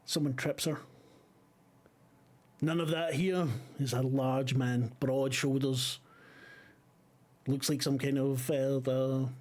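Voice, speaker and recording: A man running a tabletop horror game as game master, narrating casually with frequent swearing and filler pauses. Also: medium pitch, flat delivery, darkish tone.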